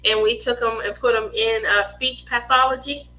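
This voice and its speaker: High-voiced, laughing woman telling stories. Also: moderate pace, poor audio. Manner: animated storyteller, acts out voices, laughs often. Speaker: craft livestream host. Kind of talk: casual chat while crafting.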